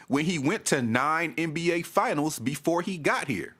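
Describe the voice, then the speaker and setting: A man's voice: a little high, lively intonation, unhurried, fairly bright tone, husky. A man vlogging a fan rant, exasperated, repeating himself and stammering as he restarts. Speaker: sports vlogger. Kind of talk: ranting fan commentary to camera.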